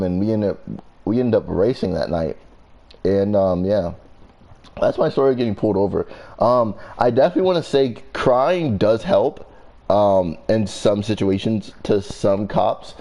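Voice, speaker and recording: Low-voiced young man telling a rambling story. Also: normal speed, warm tone. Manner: profane, rambling with many fillers. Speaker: vlogger. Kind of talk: casual storytime.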